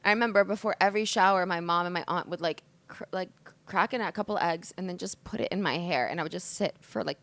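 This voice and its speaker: A woman's voice: on the low side, no room sound. Candid emotional woman in her twenties. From United States. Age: 20s. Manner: candid, expressive, swears often, says "like" a lot. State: emotional, hungover. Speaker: podcast host. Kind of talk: emotional solo podcast monologue.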